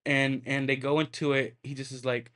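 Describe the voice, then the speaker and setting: A man's voice: medium pitch, little pitch movement, moderate pace, fairly bright tone. Rambling, foul-mouthed male podcast host. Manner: rambling, full of fillers and restarts, swears freely. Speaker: podcast host and film reviewer. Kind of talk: casual solo movie review.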